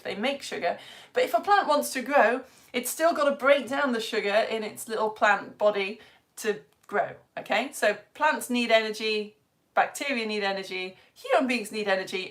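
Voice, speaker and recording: A woman with a Yorkshire accent, a science teacher giving a lively live lesson for children, chatty and quizzing her audience. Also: mid-range voice. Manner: chatty and energetic, asks the audience questions.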